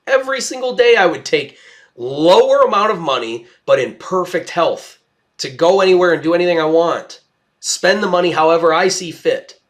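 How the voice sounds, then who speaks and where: A young man with a fairly high voice gives a loose, casual podcast monologue at home. He rambles and stresses his points, often stopping and restarting his sentences. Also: expressive, normal speed. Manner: rambling and emphatic, with frequent restarts. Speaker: podcast host.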